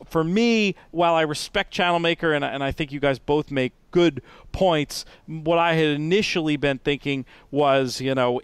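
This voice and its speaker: A man's voice: medium pitch, clear, resonant tone, dry recording. A man on a horse racing podcast panel who weighs his picks carefully, thinking them through aloud.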